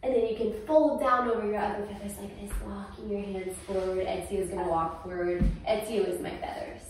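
A mother leading a toddler yoga class, talking gently in a sing-song way to a small child. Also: medium pitch, fairly even intonation, brisk, slight background noise. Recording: echoey room, far from the mic.

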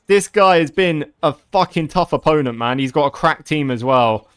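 Excitable man commentating gameplay. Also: on the high side, moderate pace, hardly any pauses, clear, resonant tone, faint music behind. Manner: excitable, swears often, shouts at big moments. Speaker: gaming video creator.

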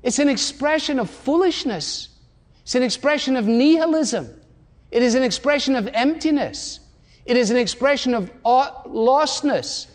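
Emphatic high-voiced older preacher. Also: male voice, moderate pace. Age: 60s. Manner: animated rhetorical questioning, emphatic repetition. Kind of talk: sermon. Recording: long hall reverb.

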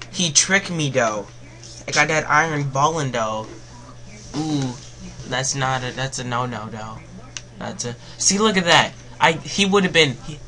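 Bright-voiced young man rambling over gameplay. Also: medium pitch. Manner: rambling, filler-heavy, swings from glum mutters to yelling. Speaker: gaming commentator. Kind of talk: live game commentary.

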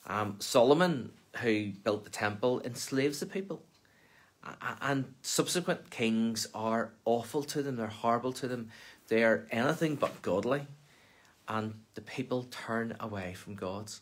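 A minister reading a Bible passage aloud for Lent, then explaining it in plain, conversational talk. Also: male voice, medium pitch.

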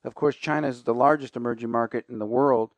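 A man's voice: mid-range voice, fairly even intonation, quick pace, no echo. A man hosting a finance radio show, talking casually and conversationally with fillers and asides.

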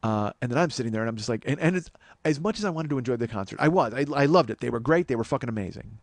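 A man in his forties hosting a comedy podcast, telling a story in an exasperated, profane, animated way. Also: medium pitch, rapid-fire, dry recording. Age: 40s. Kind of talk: storytelling monologue.

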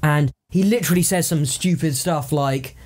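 A man's voice: fairly high pitch, normal speed, a little mellow. A man co-hosting a podcast, brainstorming in loose, swearing, laugh-filled chat. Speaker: podcast co-host. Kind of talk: casual improvised brainstorming chat.

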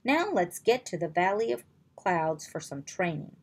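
A woman reading aloud, voicing a calm, wise man who mentors young dragon masters in a storybook. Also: on the low side, measured pace, husky, heavily acted. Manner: calm, reassuring instruction.

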